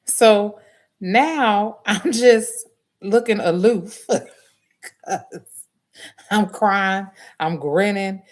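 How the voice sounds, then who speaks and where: Speaking slowly in a medium-pitched voice, this woman, an adult nursing student, tells a story to her livestream viewers. She is animated, laughs frequently, and uses Southern US dialect grammar.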